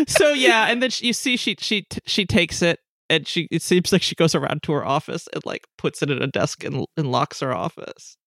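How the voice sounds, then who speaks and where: A woman's voice: sits low, animated, a little fast, hardly any pauses, a bit bright, no echo. A woman game master narrating a tabletop game in a rambling way, full of fillers and restarts.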